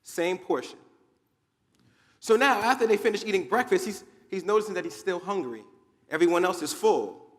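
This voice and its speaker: A man from New Jersey delivers a motivational keynote with dramatic storytelling and emphatic repetition. His voice sits slightly high for a man. The sound carries with a long reverb from a large conference hall. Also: expressive, moderate pace. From Newark, New Jersey, USA. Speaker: motivational speaker.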